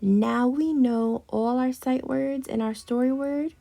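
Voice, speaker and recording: A woman teaching an early reading lesson to young children, patient and slow, drawing out words as she models them. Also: high-pitched, fairly even intonation, creaky, dark tone.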